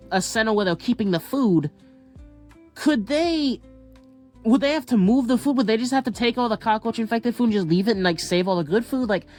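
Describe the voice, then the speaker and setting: A man musing aloud in a casual, speculative monologue, rambling with lots of fillers and restarts. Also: high voice. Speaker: commentator.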